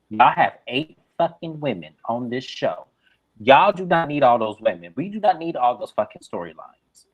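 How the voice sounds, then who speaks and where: A man's voice: mid-range voice, no room sound. A man reviewing a reality show, ranting bluntly with heavy profanity in a casual recap. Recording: dull lo-fi sound.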